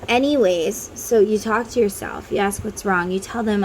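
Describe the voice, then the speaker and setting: A woman's voice: medium pitch, normal speed, few pauses, slight background noise, rough recording. A woman who reads tarot, talking casually to viewers and guiding them through an inner-child meditation, with chatty tangents. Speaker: tarot reader.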